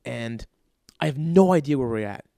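A man casually telling an anecdote with lots of swearing, fillers and animated energy. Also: mid-range voice, normal speed, creaky, no room sound, studio quality. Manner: animated, profanity-laced storytelling with frequent fillers.

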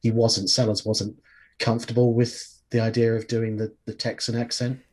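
A man's voice: mid-range voice, completely flat delivery, moderate pace, a little mellow. A man chatting casually about old films as a podcast host, talking in a hesitant way with frequent restarts. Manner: conversational, hesitant restarts, trailing thoughts. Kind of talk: casual film discussion.

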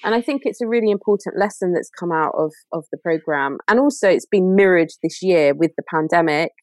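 A woman's voice: lowish voice, fairly quick, a little mellow, dry recording. A woman speaking as a podcast guest in a casual chat, earnest and reflective, often restarting her sentences.

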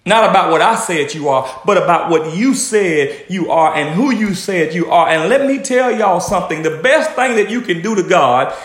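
High, animated preaching man, echoey room. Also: normal speed, hardly any pauses. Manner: animated, rhythmic preaching with repetitions and acted quotations. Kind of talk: sermon.

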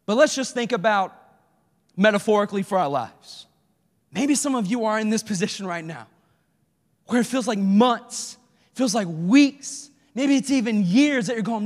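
Young guy preaching, really high voice, acts out the scenes, big church echo. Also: normal speed. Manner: animated storytelling, acts out voices with sudden yells. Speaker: pastor. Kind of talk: sermon. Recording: long hall reverb.

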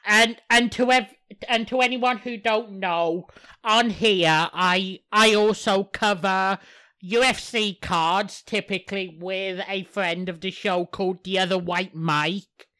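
A woman's voice: medium pitch, steady tone, takes it slowly, sharp tone. A woman from the UK co-hosting a casual podcast chat, who swears often and talks in emphatic bursts. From United Kingdom. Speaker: podcast co-host.

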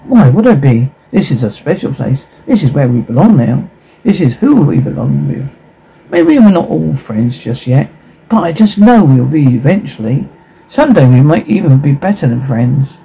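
A man reading a gentle, wistful young girl. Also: mid-range voice, very animated, normal speed, vocal fry, slightly rough, heavily acted, low-quality recording.

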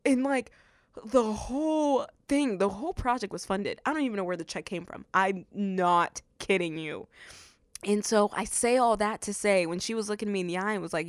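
Smooth-voiced young woman podcast host. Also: medium pitch, moderate pace, no echo, clean studio sound. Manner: animated storytelling, acts out quotes. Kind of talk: faith-based podcast monologue.

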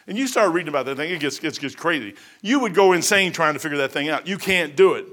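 A middle-aged man preaching a sermon in a folksy, animated way, building to emphatic high peaks. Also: fast talker, few pauses.

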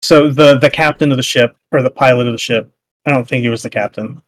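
A man's voice: medium pitch, steady tone, quick pace, no echo. A man co-hosting a casual podcast chat, rambling with lots of fillers and restarts as he recaps a show. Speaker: podcast co-host.

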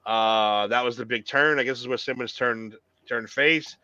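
A man's voice: medium pitch, normal speed, pushed and bright, no room sound. A man co-hosting a podcast, chatting casually and rambling about old wrestling matches, swearing freely. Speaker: podcast co-host. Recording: dull lo-fi sound.

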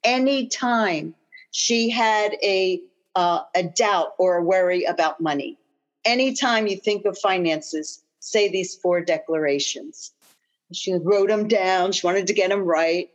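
A woman coach who leads a guided affirmation practice and tells personal stories, repeating phrases slowly and earnestly. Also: medium pitch. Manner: slow, earnest repetition of phrases. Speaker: guest coach and author. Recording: dull lo-fi audio.

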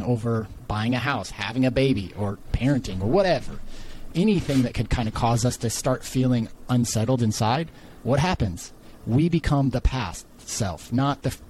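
A man's voice: medium pitch, darkish tone, a little hiss or hum, rough recording. A man guest on a podcast, earnestly explaining his views on relationships in long, winding, reflective phrases. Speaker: podcast guest, life coach.

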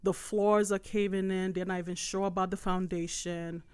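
A woman co-hosting a casual faith podcast, telling a story in an animated, emotional way and laughing often. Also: mid-range voice, normal speed, clear, resonant tone.

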